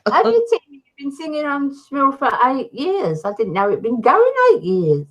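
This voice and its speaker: A woman in a casual group chat who giggles and reacts with quick exclamations. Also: high-pitched, very animated, dull audio.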